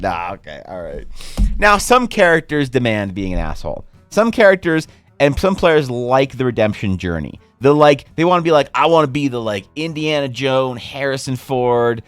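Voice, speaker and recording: A man streaming, chatting casually while he draws, in a rambling, profane, animated way. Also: medium pitch, moderate pace, smooth, no echo, soft background music.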